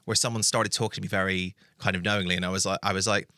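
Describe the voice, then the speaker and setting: A man, a podcast guest telling stories in a quick, wry, self-deprecating way. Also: deep voice, level tone, sharp tone, no echo, studio quality. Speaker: podcast guest, quiz writer. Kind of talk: casual chat.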